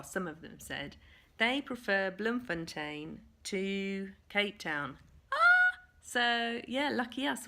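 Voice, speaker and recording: A woman's voice: medium pitch, gravelly, fairly bright tone, a little hiss or hum. A woman chatting casually in a vlog, recapping a family trip with rambling, laughing asides. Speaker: family vlogger.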